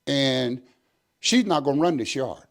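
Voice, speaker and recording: Animated older man telling a story. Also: mid-range voice, a little slow, vocal fry. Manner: animated storyteller acting out dialogue in quoted voices. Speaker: retired prison captain, guest. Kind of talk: storytelling interview.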